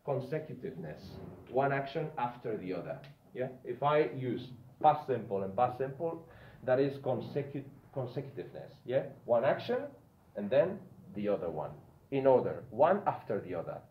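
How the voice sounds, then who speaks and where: Man, teacher, grammar lesson, slow deliberate emphasis, checks in with listeners, tinny phone-like sound. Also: medium pitch, big pitch swings, echoey room. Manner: explains slowly, repeating and stressing words one by one. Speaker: English teacher.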